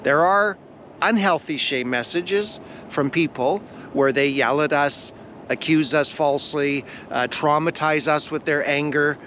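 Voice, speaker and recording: A man teaching a devotional lesson on a vlog, earnest and deliberate, repeating his key phrases for weight. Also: fairly high pitch, a bit bright, slight background noise. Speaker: Bible teacher.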